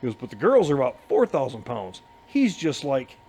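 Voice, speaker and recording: A man's voice: medium pitch, wildly swooping pitch, normal speed, dark tone, breathy edge. A man co-hosting a casual podcast, telling a long story in a rambling, profane way and laughing as he goes. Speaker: podcast co-host. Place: bar.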